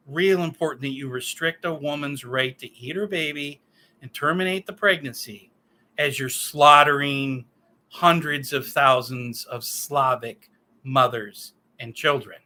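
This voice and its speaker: A man's voice: mid-range voice, bright, forceful tone. A man in his fifties giving a solo political rant, profane, sarcastic and heated. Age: 50s. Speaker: political commentator.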